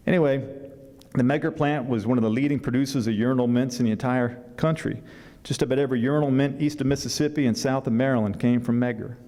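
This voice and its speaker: A man, an author, reading a passage from his novel at a book fair symposium, with unhurried pacing and a few asides. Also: mid-range voice, warm tone. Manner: unhurried reading with fillers and restarts between passages. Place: symposium hall. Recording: long hall reverb.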